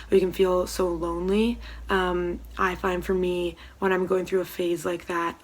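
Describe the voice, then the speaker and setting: A young woman giving a casual devotional talk from home, soft-spoken and hesitant, with many pauses and ums. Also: on the low side. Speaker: church devotional speaker. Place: room at home.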